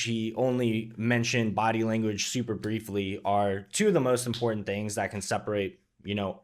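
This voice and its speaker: A man reacting to a sales video, talking casually with many "right?"s and "um"s. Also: mid-range voice. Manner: leans on "right?" and frequent "um". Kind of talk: casual commentary.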